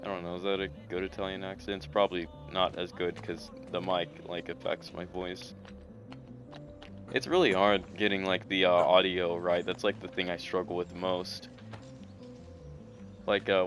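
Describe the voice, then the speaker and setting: Here the same kind of young gaming creator delivers let's-play commentary that is rambling, eager, and full of fillers. His voice is low, with a slightly bright quality.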